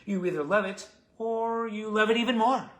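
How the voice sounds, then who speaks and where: A man's voice: sits high, moderate pace. A man hosting a live stream, reading out fan messages and reacting to each one. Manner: reads letters with rising excitement, chuckles between them.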